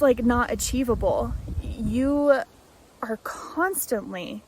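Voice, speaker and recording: A young American woman vlogging, speaking an emotional tribute to her grandmother, halting often with fillers and restarts. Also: medium pitch, rough recording. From United States. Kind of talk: heartfelt tribute and vlog narration.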